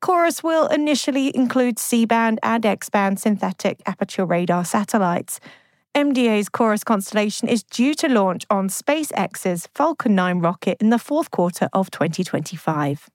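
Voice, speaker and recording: A woman co-host reads news stories in a measured, clear way. Her voice sits at a middle pitch. The recording is dry and close. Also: animated, no echo. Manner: measured, clear newsreader delivery. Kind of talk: scripted news reading with banter.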